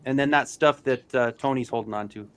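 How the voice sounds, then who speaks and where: A man's voice: medium pitch, a little fast, fairly bright tone, clean tone. A man on a live stream giving blunt, practical tips in casual chat.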